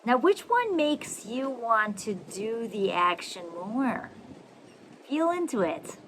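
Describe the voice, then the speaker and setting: A woman who hosts a podcast and coaches listeners on communication. She talks in an animated, affectionate way and keeps checking that listeners agree. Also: a little high, takes it slowly. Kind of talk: coaching monologue. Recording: noisy recording with ambient and traffic sounds.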